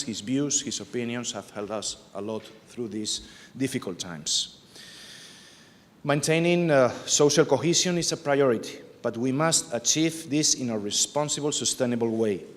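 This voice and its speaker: Man, formal speech in a hall. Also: mid-range voice. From Spain. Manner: measured, deliberate, emphatic. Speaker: party official giving an opening address. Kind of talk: formal prepared political speech. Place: conference hall. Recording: long reverb of a large hall.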